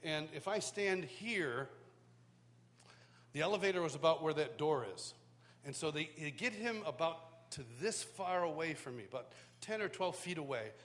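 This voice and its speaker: A man teaching at a worship school, telling a personal story in sermon style with animated, self-mocking humor, recorded live in a church hall. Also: on the high side, moderate pace. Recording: live hall reverb, faint background noise.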